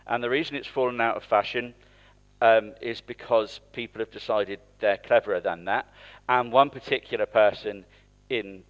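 In an interactive sermon, a man with a lowish voice preaches in church at a moderate pace, talking conversationally and putting questions to the congregation. The audio sounds dull.

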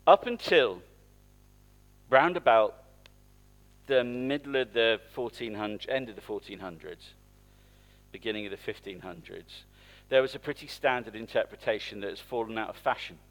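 A man's voice: on the low side, expressive, normal speed, fairly bright tone. A man preaching in church, speaking conversationally and asking the congregation questions. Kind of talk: interactive sermon.

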